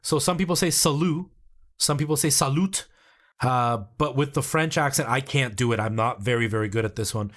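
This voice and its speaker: A man's voice: mid-range voice, steady tone, fast, hardly any pauses, a bit bright. A man in his thirties from Canada, chatting casually on a live stream and explaining things in a rambling way, with lots of ums and likes. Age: 30s.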